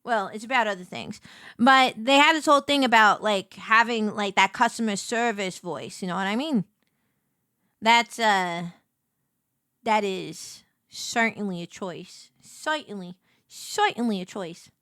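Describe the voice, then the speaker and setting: A woman streamer chatting casually while playing a game, telling stories in an animated way. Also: medium pitch, measured pace, clear, resonant tone, no echo, clean studio sound. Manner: animated storytelling with laughs. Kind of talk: casual chat while gaming.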